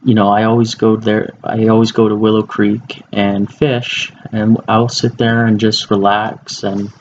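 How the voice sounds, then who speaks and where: A young man delivers an informative class speech in a relaxed, informal way, stumbling over words now and then. His voice sits low with a gravelly fry. The recording is slightly dull, with faint hiss behind him. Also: measured pace. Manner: informal, with fillers and restarts. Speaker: student speaker.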